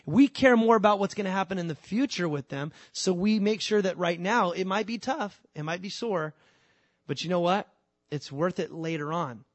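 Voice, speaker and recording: Middle-aged male preacher, high voice, lively and conversational, dry recording. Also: dry recording. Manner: animated, acts out voices of God and his kids. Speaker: pastor. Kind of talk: sermon.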